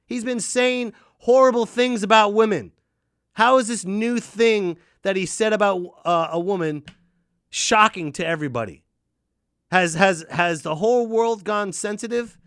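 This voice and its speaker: A man hosting a solo podcast, ranting in an animated, jokey way. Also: high-pitched, measured pace, no echo, studio quality. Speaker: podcast host. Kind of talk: casual solo podcast rant.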